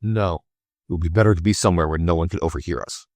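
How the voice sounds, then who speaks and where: A furtive old notary with a thick foreign accent and a smooth, guarded way of talking, voiced by a male audiobook reader. The voice sits low and the recording is dry and close. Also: fast, darkish tone, no echo. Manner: evasive, foreign-accented speech. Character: shifty older male Egyptian notary.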